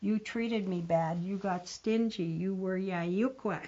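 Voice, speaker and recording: A woman's voice: medium pitch, slow, mellow, muffled recording. An older woman voicing a hardworking big sister with a raised, earnest voice. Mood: firm. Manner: fussing, then firm.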